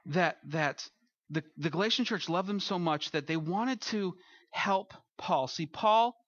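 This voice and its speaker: Bright, high-voiced male pastor preaching. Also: no echo, muffled recording. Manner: conversational preaching, acts out quotes. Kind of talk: sermon.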